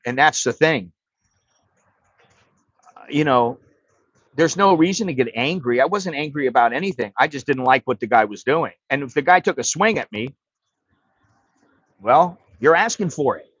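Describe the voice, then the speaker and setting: Speaking in a mid-range, fairly bright voice, an American livestream host in middle age tells rambling, profane stories, frequently starting his sentences over. He's streaming casually from home. The recording is dull, dry lo-fi stream audio with no room sound.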